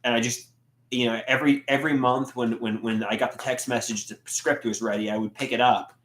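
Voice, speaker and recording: A man's voice: mid-range voice, fairly even intonation, a little fast, fairly bright tone. A man chatting casually on a livestream and reading out comments, often stammering and repeating his words. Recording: echoey room.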